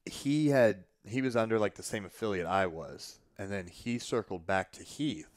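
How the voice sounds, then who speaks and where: A man telling a long story in casual conversation, animated and profane, often restarting his sentences. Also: lowish voice, normal speed, no room sound, studio quality. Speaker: podcast guest.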